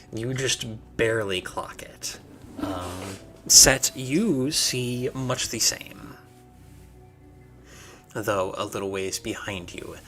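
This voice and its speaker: A man narrating a tabletop game as game master, unhurried, with many filler ums. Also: fairly low pitch, a bit bright.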